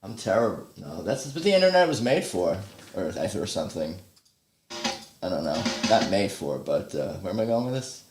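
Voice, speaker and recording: A man's voice: low-pitched, sing-song, moderate pace, reverberant. Rambling man chatting on a livestream. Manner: rambling, thinks aloud, self-deprecating. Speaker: livestream host. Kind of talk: casual livestream chat while practicing guitar. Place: home practice room. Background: guitar playing.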